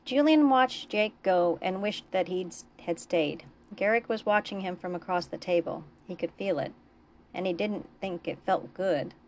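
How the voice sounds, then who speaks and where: A woman reading her own novella aloud in a steady, plain way. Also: on the low side, normal speed, a little hiss or hum. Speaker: author reading her fiction.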